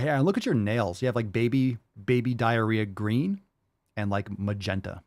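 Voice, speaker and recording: A man's voice: mid-range voice, very animated, quick pace, no echo, clean studio sound. A man hosting a livestream podcast, reacting to clips with a profane, exasperated rant. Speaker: podcast host.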